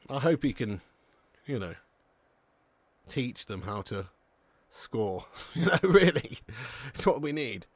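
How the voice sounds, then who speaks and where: A man's voice: mid-range voice, unhurried, long pauses, dry recording. An English man hosting a live football watch-along, calling the match, reading out chat messages and calling people lad and mate. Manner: lively, chatty, says lad and mate a lot.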